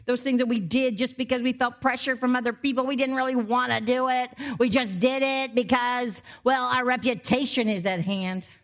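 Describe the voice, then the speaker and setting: A woman delivers a sermon in a slightly high voice. She is openly emotional. She swings between loud, stirring exhortation and soft, intimate passages. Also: steady tone, moderate pace, hardly any pauses, soft background music. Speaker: preacher.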